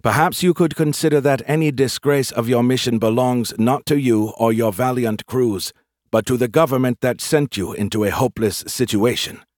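A man voicing a calm, confident human general in an audiobook, courteous with a dry, taunting edge. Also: medium pitch, normal speed, dry recording, lightly acted. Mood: courteous, firm. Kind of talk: audiobook character voice.

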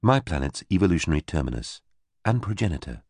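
A man voicing an alien speaking through a neutral synthesized voice, flat and without inflection. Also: low voice, fast talker, breathy edge, dry recording, clean studio sound, exaggerated voice.

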